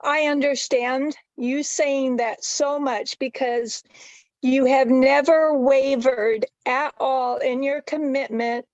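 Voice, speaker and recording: Slow, emotional woman on a dull line. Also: high-pitched, steady tone, a little mellow, no room sound. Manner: emotional, effusive, slow-paced. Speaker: webinar panelist. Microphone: video call.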